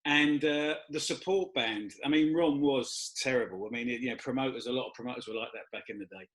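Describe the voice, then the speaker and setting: A man, hosting a casual chat and telling lively anecdotes in which he acts out the people he quotes. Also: medium pitch, fairly quick. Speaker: host.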